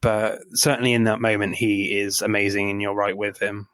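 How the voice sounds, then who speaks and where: A man's voice: on the low side, moderate pace, dry recording. A man co-hosting a casual film review podcast, laughing often between his points. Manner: laughs often, relaxed banter. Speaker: podcast co-host.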